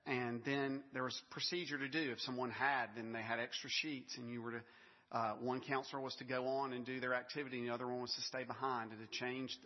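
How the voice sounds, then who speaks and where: Guy pastor preaching, chatty storytelling, husky voice, big echoey church, kinda muffled sound. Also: medium pitch. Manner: conversational storytelling with light laughs and asides. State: briefly choked up with emotion. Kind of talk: sermon. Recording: dull long reverb of a large hall.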